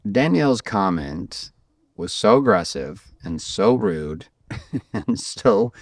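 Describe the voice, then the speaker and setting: A man's voice: low voice, very animated, takes it slowly, no echo, studio quality. A man in his forties co-hosting a podcast, blunt and profane, joking about a fight with his wife. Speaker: podcast co-host. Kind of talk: candid couple's chat.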